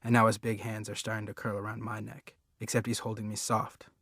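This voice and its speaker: A man's voice: lowish voice, flat delivery, a little fast, fairly bright tone, slightly rough, no echo, clean studio sound. A man reading a novel aloud in first person, in an earnest storytelling manner. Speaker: audiobook reader.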